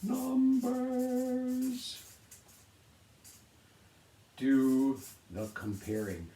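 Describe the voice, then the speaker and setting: A man's voice: very high-pitched, expressive, very slow, warm tone. A man teaching a science lesson in a casual, upbeat way, laughing often and checking that students follow along. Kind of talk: casual classroom video lesson. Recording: echoey room.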